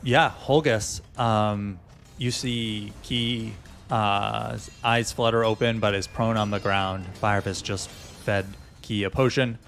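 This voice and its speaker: A man's voice: lowish voice, steady tone, slow pace, fairly bright tone, soft background music. A man running a tabletop game as game master, patiently explaining the rules step by step.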